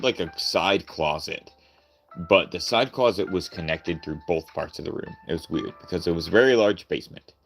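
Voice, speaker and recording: A man chatting casually on a live stream, goofy and rambling, laughing often and trying out character voices. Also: low voice.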